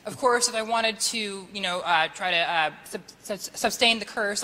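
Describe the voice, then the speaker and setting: A young man with a naturally high-pitched voice, chatting as an actor guest on a talk show, giggling and stammering with repeated words. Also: moderate pace, noisy background.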